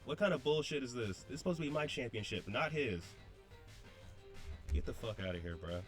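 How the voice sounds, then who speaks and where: A young man talking through his own match in blunt, slangy gamer speech that circles back on the same points. His pitch moves all over the place, and soft music plays underneath. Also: lively intonation, brisk. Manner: slangy, blunt, repeats himself. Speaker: draft league player. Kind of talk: casual gameplay commentary.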